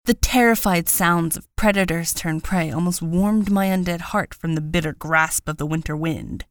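A woman's voice: fairly low pitch, normal speed, few pauses, dry recording. A woman reading a first-person audiobook narration with a wry, understated delivery, close to the mic.

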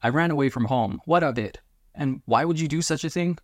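A man's voice: a little high, fairly quick, dry recording, clean studio sound, natural voice. Man reading as a defiant young runaway woman. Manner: defiant, flippant.

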